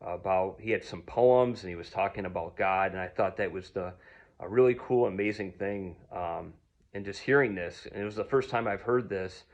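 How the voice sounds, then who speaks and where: A man's voice: sits low, normal speed, highs cut off. A man from telling a personal story in a casual, rambling way, full of ums and restarts. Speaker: vlogger.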